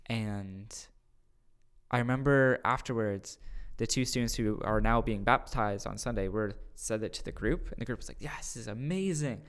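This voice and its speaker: A man, a youth pastor, telling a retreat story on a podcast in a casual, excited way, often repeating his words. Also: on the low side, moderate pace, smooth.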